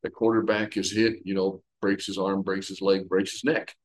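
A man leading a conversational Bible study, retelling the story with lively everyday comparisons. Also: low-pitched, moderate pace, poor audio. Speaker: Bible teacher.

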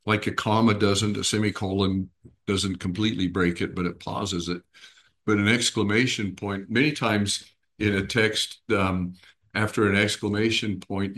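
A man with a fairly low voice leads a small Bible study group. He explains things step by step and keeps checking that his listeners are following. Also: a bit bright.

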